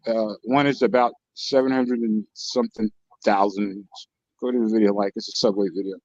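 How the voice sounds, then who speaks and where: A man telling lively stories in a casual online group chat. He swears freely, laughs a lot and mimics the lines of other people. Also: lowish voice, moderate pace, no room sound, dull audio. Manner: animated storyteller, profane, mimics others' lines, laughs often. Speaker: channel host telling stories to co-hosts.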